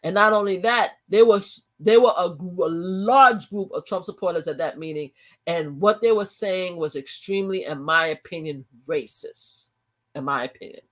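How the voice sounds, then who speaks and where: A woman's voice: lowish voice, moderate pace. A woman, holding forth on her own live stream in a casual, heated rant. She leans hard on her words and circles back over her phrases, restarting and repeating them as she builds her point.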